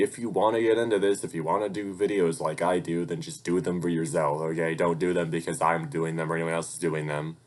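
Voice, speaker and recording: Young male vlogger, low register, rambling and profane, casual delivery. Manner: rambling and profane, gets heated when venting. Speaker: vlogger and hobby voice actor. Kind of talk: casual life-update rant.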